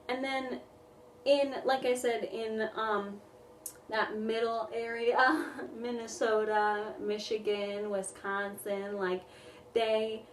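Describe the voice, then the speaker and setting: A woman's voice: medium pitch, recorded from a distance, a little hiss or hum. Chatty woman, roomy and off-mic. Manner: chatty, rambling, full of "like" and frequent laughs. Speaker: music therapist vlogger. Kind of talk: casual chat to camera. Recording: roomy echo, voice somewhat off-mic.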